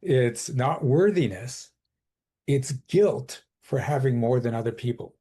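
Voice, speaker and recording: Male coach, podcast guest; mellow, slightly husky tone, emphatic and explanatory. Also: medium pitch, slow. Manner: emphatic, explains with quoted inner dialogue. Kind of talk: conversational podcast interview.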